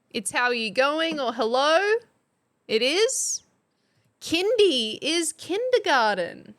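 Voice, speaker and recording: Bright high-voiced Australian woman. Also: big pitch swings, slow pace. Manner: teacherly, quizzing and thanking chat. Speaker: substitute streamer. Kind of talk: casual live stream chat.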